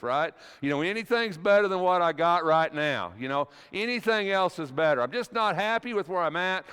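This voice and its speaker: A man's voice: a little high, lively intonation, fairly quick, few pauses, a bit bright, smooth, in a large hall. A middle-aged man preaching a sermon in a church, folksy and conversational, telling a personal story with frequent restarts. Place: church sanctuary.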